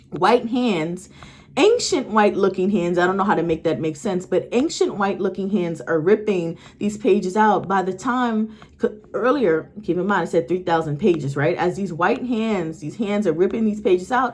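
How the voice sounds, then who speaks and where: A woman's voice: medium pitch, breathy edge. A woman psychic medium talks casually to her viewers at home. She rambles, restarts her sentences and often checks in with "okay?" and "right?". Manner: speaks directly to the audience. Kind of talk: casual spiritual storytelling to viewers. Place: at home with her dog nearby.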